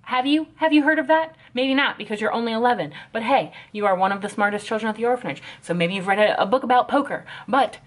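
Brief: sarcastic woman vlogger, exasperated commentary, slightly high voice. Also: fast talker, hardly any pauses. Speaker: anime reaction vlogger. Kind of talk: casual reaction commentary.

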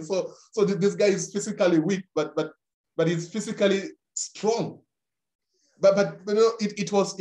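Rwandan pastor guy preaching, kinda high voice, keeps repeating words, roomy echo. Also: a little mellow. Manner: repeats words and phrases, pleading and emphatic. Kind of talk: sermon.

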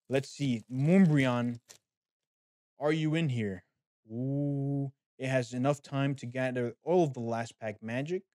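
A man with a medium-pitched voice hosts a card-opening channel, chatting animatedly and casually straight to his viewers, whom he addresses as guys. The sound is clean studio audio with no echo.

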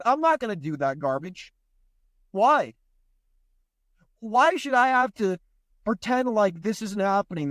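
A man's voice: high voice, no room sound. A man hosting a podcast, delivering a blunt, profane and sarcastic ranting monologue. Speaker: podcast host.

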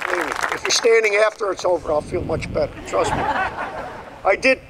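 A man's voice: sits high, quick pace, a crowd in the background, noisy background. An older man, a school athletic director, giving a commencement address in a folksy, off-the-cuff storytelling way with repeated phrases. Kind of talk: graduation speech.

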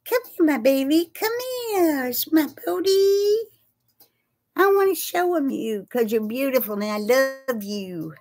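A woman putting on a high, sing-song baby-talk voice to call her cat. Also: measured pace, a little mellow. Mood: cooing.

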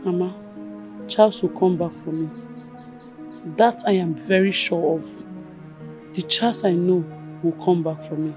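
A woman's voice: on the low side, fairly even intonation, a little slow, pauses often, music in the background, lightly acted. An actress playing a young woman in a film drama, insistent and pleading as she refuses to marry. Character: young woman defiantly refusing an arranged marriage. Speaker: daughter.

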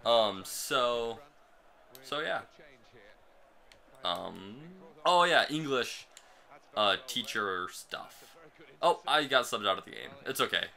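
A man's voice: mid-range voice, animated, slow pace, vocal fry, pauses often, sharp tone. A young man from the United States casually chatting about his life while commenting on a football video game, rambling and self-deprecating. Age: young adult. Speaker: gaming channel host. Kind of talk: casual gameplay commentary with storytelling.

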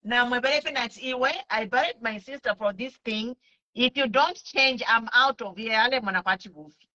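Earnest Zambian woman, bright voice. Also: on the high side, moderate pace, muffled recording. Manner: earnest, pleading, switches languages mid-sentence. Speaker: speaker sharing testimony. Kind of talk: personal testimony mixing English and Bemba.

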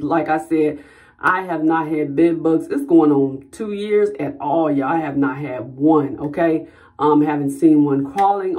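A woman talks straight to her viewers in a relaxed vlog. She rambles in a chatty, personal way and keeps calling her audience y'all. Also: low voice. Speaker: vlogger. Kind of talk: casual talk to camera.

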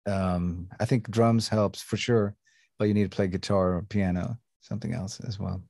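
A man in his fifties with a mild Swedish accent chats easily as an interview guest, unhurried and casual, now and then swearing. His voice sits low and dark with a mellow tone. The recording is close and dry. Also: vocal fry, dry recording. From Sweden. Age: 50s. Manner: laid-back, relaxed, with casual swearing. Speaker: guest musician.

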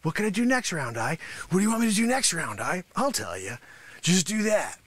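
A man playing a boastful, greedy male karate sensei who scolds his students and pitches an overpriced course in a brash, mocking patter. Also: big pitch swings, brisk, fairly bright tone, slightly rough, no echo, full character voice. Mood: indignant. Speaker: comedy show host. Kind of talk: improvised comedy character monologue.

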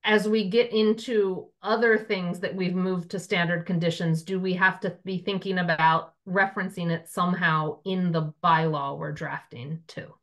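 A woman town councilor asking a question at a committee meeting, thinking aloud with halting restarts. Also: on the low side, steady tone, fairly bright tone.

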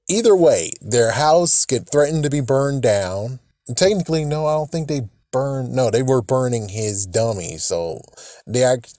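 A man's voice: mid-range voice, mellow, no room sound, clean studio sound. A man hosting a casual video, talking in a rambling, hesitant way with restarts. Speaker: video host. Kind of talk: casual chat.

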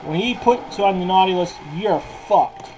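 A man's voice: high voice, moderate pace, a little mellow, soft background music, low-quality recording. A man giving casual game commentary while he plays, cursing constantly. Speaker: gameplay commentator.

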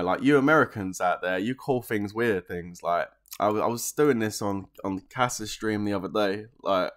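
A man with a southeast England accent chats casually on a live game stream, rambling, reading out comments and laughing often. His voice is lowish and a bit bright.

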